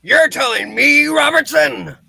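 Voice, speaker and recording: A man doing a shrill, gravelly blustering publisher. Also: expressive, measured pace, no echo, full character voice. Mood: harried. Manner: shouting, exasperated. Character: blustering older male newspaper publisher.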